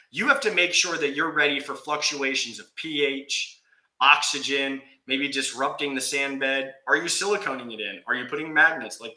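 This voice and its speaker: A man telling a story in a casual vlog, animated with exasperated humor. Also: mid-range voice. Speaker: aquarium YouTuber. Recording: echoey room.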